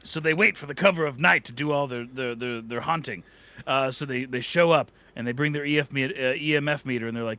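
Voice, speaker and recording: A man's voice: mid-range voice, a little fast, bright, forceful tone, no echo. A man co-hosting a podcast, telling a silly story that rambles and keeps slipping into character voices. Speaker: podcast co-host. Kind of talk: comedic storytelling. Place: away from the studio.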